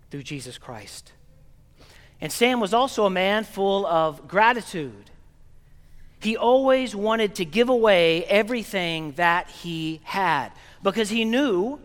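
A priest from Oklahoma giving an earnest, gently paced funeral sermon in a large church. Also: male voice, high voice. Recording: long reverb of a church hall.

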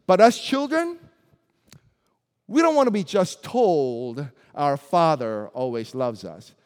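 Man preaching, native Korean speaker, slow and earnest, with a long hall echo. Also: on the high side, very animated. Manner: earnest, emphatic, builds through lists of rhetorical questions. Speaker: pastor. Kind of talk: sermon.

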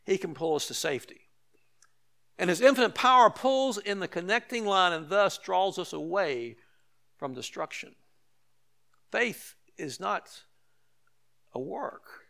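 A man's voice: high voice, vocal fry, sharp tone. An older man preaching a sermon as pastor, conversational with emphatic repetitions and light asides to the congregation.

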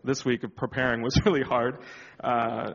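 A man speaking candidly about his own story in a sermon setting, pausing and reflecting with many fillers. His voice rings out with a long hall reverb. The sound is slightly dull and muffled. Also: medium pitch, flat delivery, slight background noise. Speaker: church speaker. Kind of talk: personal testimony in a sermon.

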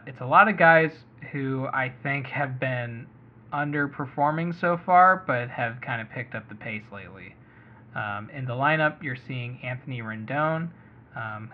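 A man hosting a casual sports podcast, chatty and thinking aloud with lots of hedging. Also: medium pitch. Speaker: fantasy baseball podcast host. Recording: muffled lo-fi audio.

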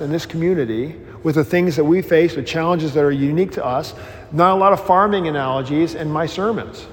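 Male pastor, informal class teacher, restless restarts, animated storyteller, slightly high voice. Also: in a large hall. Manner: self-deprecating humor.

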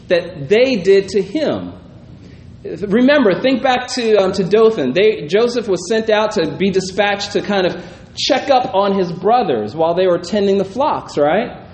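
A pastor reading scripture aloud and then musing on it in a conversational teaching style, often checking in with "right?". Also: male voice, high voice, animated, unhurried, darkish tone. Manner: reads scripture, then muses aloud with frequent "right?" asides. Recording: roomy echo, faint background noise.

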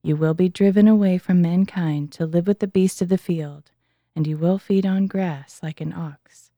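A stern divine voice from heaven pronounces a decree in a scripture reading, as a woman reads it. The sound is low and mellow, measured and earnest. It is recorded close and dry. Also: fairly even intonation, no room sound, lo-fi sound, natural voice.

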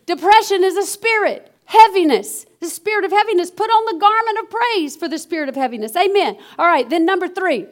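A woman preacher delivering an animated sermon, calling out to her congregation. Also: extremely high pitch, a little fast, hardly any pauses. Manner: animated, call-and-response preaching with exclamations.

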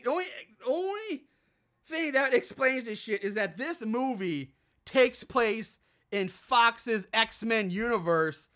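A podcast host recapping a horror film in casual chat, animated and profane, often exasperated. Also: medium pitch.

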